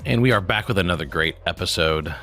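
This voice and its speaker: A man's voice: low-pitched, fast talker, sharp tone, soft background music. A man in his forties hosting a podcast in casual chat, rambling and jokey and often restarting his words. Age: 40s. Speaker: podcast host.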